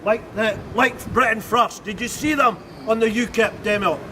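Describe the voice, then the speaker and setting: A man's voice: high-pitched, normal speed. Defiant man rallying a crowd. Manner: rousing, defiant. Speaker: rally speaker. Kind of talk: public speech at a street counter-protest. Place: outdoors on a city street. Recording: street noise and a crowd around.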